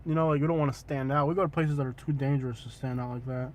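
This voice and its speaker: A man hosting a casual travel livestream, joking and teasing, with loud excited bursts. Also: medium pitch, very fast. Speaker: vlog host.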